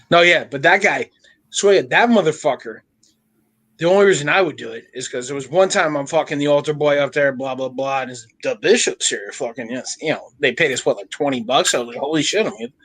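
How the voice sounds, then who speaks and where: Young adult man, high voice, swings up and down a lot, profane, laughing banter. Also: husky. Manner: profane, animated storyteller, laughs often. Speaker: podcast co-host. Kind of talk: casual crude banter.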